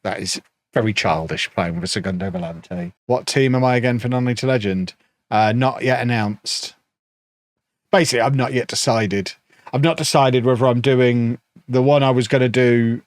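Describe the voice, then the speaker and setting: A man talks through a football management game on a live stream, weighing choices aloud with chatty, mock-indignant asides. His voice sits at a middling pitch. The close desk mic gives a dry sound with no room around it. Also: no room sound.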